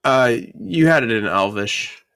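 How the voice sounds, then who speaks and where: A man's voice: medium pitch, animated, unhurried, a bit bright, clear, resonant tone, no room sound. A man narrating a tabletop game as game master, in a casual style with many fillers.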